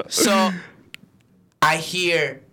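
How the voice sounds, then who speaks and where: A young man telling a story in a casual, profane chat, swinging into loud acted-out quotes. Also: on the high side, very slow, a little hiss or hum. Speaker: podcast co-host and rideshare driver.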